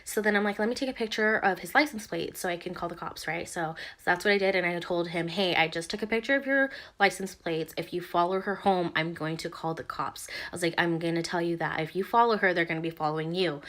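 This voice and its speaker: A woman's voice: lowish voice, fast, hardly any pauses, a bit bright. A young woman vlogger casually recounting a tense morning, rambling with lots of fillers and restarts. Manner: rambling, filler-heavy retelling with many "like"s. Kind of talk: casual storytelling.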